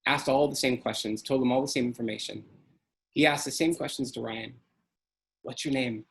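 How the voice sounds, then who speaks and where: A man's voice: mid-range voice, moderate pace, gravelly. A middle-aged man telling a personal story in an earnest, emotional way. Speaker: speaker.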